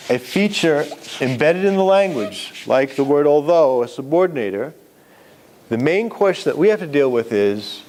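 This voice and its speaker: Male writing lecturer, fairly high voice. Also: a little mellow. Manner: conversational, explains step by step with examples. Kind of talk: live classroom lecture.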